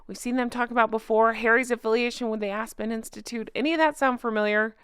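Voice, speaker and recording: A woman's voice: a little high, fairly even intonation, fast, fairly bright tone, clean tone, no echo, clean studio sound. A middle-aged woman hosting a commentary vlog, talking in a heated, indignant way and reading viewer comments aloud. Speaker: commentary channel host.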